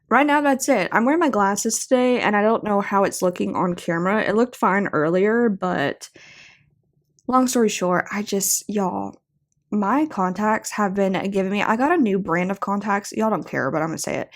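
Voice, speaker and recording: A young woman with a drawl chats through her episode. She talks in loose, rambling asides, leaning on "like" and "y'all". Her pitch sits at an ordinary middle height for a woman. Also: moderate pace. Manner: chatty, rambling, says "y'all" and "like" often. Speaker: podcast host. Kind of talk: casual chat.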